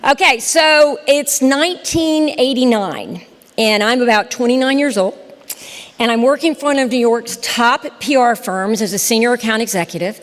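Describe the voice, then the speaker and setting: A woman, telling her story in a lively, chatty speech to a live audience. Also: a little high, moderate pace. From Southern United States. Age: 60s. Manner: animated, chatty, talks straight to the crowd. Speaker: storyteller and podcast host giving a talk. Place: lecture hall with a live audience. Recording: reverberant hall.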